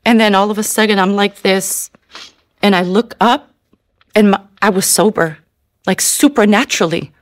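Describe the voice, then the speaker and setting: A woman's voice: mid-range voice, normal speed, no echo. A middle-aged woman giving an emotional personal testimony in a tearful manner, with many repeated "you know"s. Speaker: testimony speaker.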